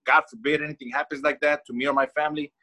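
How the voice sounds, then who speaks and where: A man's voice: fairly high pitch, fairly even intonation, rapid-fire, sharp tone. A man co-hosting a casual talk show, emphatic and profane, repeating words as he argues. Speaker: co-host. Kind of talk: casual podcast chat.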